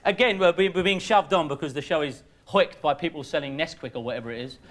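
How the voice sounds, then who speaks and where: A man hosting a comic chat show, excitable, stammering and laughing loudly. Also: a little high, fast talker.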